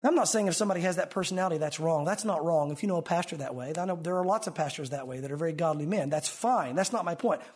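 A male pastor preaching a sermon in an animated way, swinging between emphatic and hushed delivery. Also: fairly high pitch, quick pace, few pauses, breathy edge.

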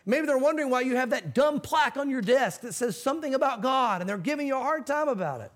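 A man's voice: very high voice, lively intonation, fast, fairly bright tone. A male pastor preaching a sermon, telling a story with acted-out quotes and teaching from a Bible verse.

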